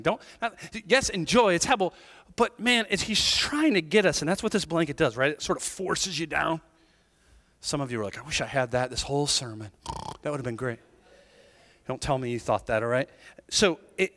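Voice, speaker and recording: A male pastor delivers a lively, conversational sermon in a church sanctuary, tossing in self-deprecating jokes and asides. His voice sits a little high and moves a lot in pitch. The sound carries a long reverb from the hall.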